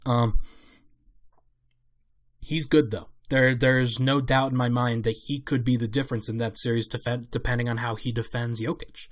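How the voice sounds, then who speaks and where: A young man hosts a solo basketball podcast, breaking down a playoff series in a relaxed, unscripted way. His voice sits at an ordinary middle pitch, and he thinks aloud with plenty of fillers and self-corrections. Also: moderate pace. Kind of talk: solo casual sports analysis.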